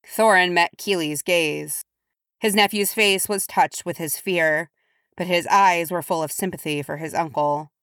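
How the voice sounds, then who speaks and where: A woman reading a fantasy story aloud with measured, steady storytelling. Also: on the low side, no room sound, clean studio sound. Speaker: audiobook reader. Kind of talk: storybook narration of fan fiction.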